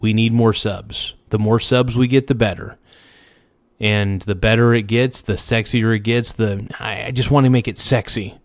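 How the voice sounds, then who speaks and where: A man hosting a casual livestream, slangy and hyped as he thanks subscribers, his voice slightly hoarse. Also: on the low side, fairly even intonation, moderate pace, no room sound. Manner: hypes subscribers, slangy and loose. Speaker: livestream host.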